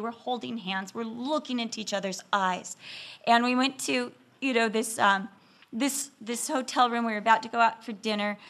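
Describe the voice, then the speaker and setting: A pastor's wife telling lively, self-deprecating stories about marriage in a sermon, laughing often and acting out scenes. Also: female voice, a little high.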